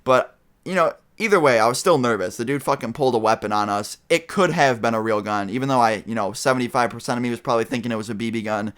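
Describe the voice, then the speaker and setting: A man's voice: mid-range voice, fast. Young man telling a swearing-laden storytime. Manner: rambling, heavy swearing, animated retelling. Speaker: vlogger. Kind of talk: casual storytime vlog.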